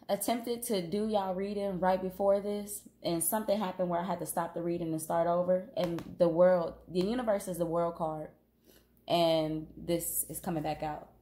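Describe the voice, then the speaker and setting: A woman with a cold giving a casual tarot reading, talking unhurriedly with pauses and fillers. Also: on the low side, darkish tone. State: has a cold, sniffling. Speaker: tarot reader.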